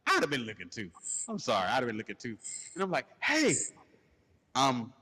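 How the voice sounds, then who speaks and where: Crude, animated man telling stories. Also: medium pitch, racing, slightly rough. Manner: crude, animated, laughing through his story. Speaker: podcast host. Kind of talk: casual comedic storytelling rant. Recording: long hall reverb.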